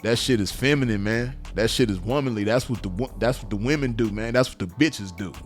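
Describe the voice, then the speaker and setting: A man's voice: lowish voice, a little fast, soft background music. A man, speaking in a blunt, profane, repetitive unscripted monologue to camera. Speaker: vlogger.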